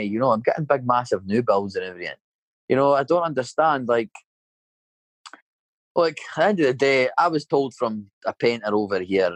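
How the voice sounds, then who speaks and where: A man's voice: medium pitch, no echo, poor audio. A Scottish man in his thirties, a painter and decorator, telling a rambling story in casual chat and filling it with "mate" and "you know". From Scotland.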